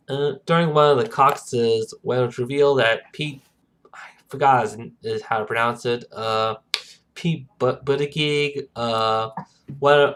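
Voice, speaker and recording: A man hosting a casual podcast, rambling and halting, with lots of "uh" and "and" between thoughts. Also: mid-range voice, a bit bright. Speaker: podcast host. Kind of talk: casual chat.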